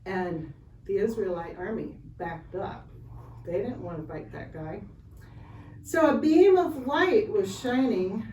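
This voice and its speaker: Slow, chatty woman telling a Bible story. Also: mid-range voice. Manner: slow, chatty, animated retelling with asides. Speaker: Sunday school storyteller. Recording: roomy, from far off, faint hiss.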